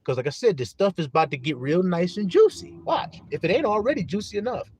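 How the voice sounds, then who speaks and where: Animated man preaching a live-stream sermon. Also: high voice, fast talker, slight background noise. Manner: animated preaching, greets viewers by name, laughs often; reads scripture aloud, asking listeners questions.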